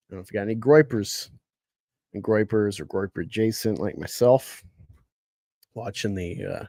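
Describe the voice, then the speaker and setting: A man's voice: lowish voice, no room sound. A man chatting casually and laughing as he reacts to a comic book review. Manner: laughing, animated, rambling. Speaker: reaction video host.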